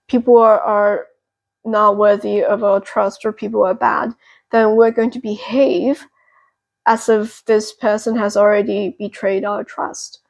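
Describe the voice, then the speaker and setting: A young woman hosting a pick-a-card tarot reading, talking gently and reassuringly with a therapeutic tone and many fillers. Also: fairly high pitch, vocal fry, poor audio. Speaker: tarot reader and channel host.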